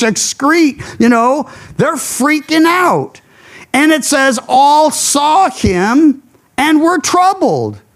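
A man's voice: extremely high pitch, fairly bright tone. A man preaching a radio sermon, teaching through a Bible passage in a conversational, folksy storytelling way with casual asides. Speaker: pastor.

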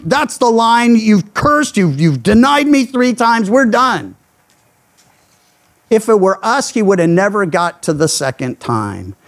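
High-voiced man preaching an earnest sermon. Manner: earnest, emphatic, drops low to close phrases. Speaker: pastor. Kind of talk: expository sermon.

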